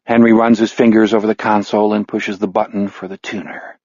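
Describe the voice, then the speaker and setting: Husky male audiobook narrator. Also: lowish voice, flat delivery, brisk, darkish tone, no echo, muffled recording. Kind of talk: scripted narration.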